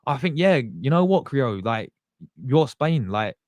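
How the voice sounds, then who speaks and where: A man's voice: mid-range voice, sing-song, measured pace, a little mellow, no room sound. A man, hosting a casual livestream and chatting with viewers in a loose, slangy, rambling way. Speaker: fan channel host.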